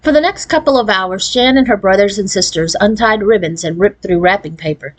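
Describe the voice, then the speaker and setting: A woman's voice: medium pitch, fairly quick, low-quality recording. Woman reading a children's book aloud. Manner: expressive, storybook cadence. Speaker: read-aloud narrator.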